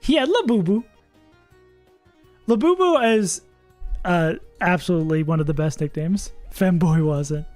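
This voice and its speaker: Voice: mid-range voice, expressive, measured pace, pauses often, darkish tone, no room sound, soft background music. A streamer casually talking through a game live, thinking aloud, laughing often and swearing now and then. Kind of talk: casual livestream commentary while playing.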